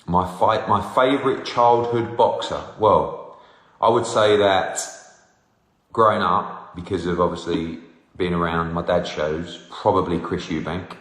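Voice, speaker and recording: A man in his forties hosts a live, casual Q&A, answering fan questions and teasing fans as he reads their comments aloud. His voice is low, steady, a bit bright, and a little slow. The space is roomy, with long reverb.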